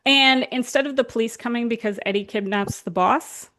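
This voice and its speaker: A podcast host with a fairly high, bright voice tells stories at a normal pace in a casual chat. Her talk is full of fillers and laughs.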